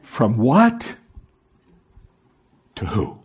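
A man's voice: mid-range voice, wildly swooping pitch, extremely slow. A man preaching a sermon to a congregation, asking the room call-and-response questions. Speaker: pastor.

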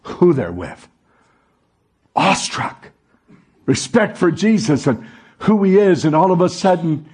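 A male pastor delivers an animated sermon, tossing questions out to the congregation and waiting for them to answer back. His voice sits high and sounds husky, and he rides big swings in pitch. He paces himself slowly and leans hard on the words that matter. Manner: animated preaching with call-and-response questions.

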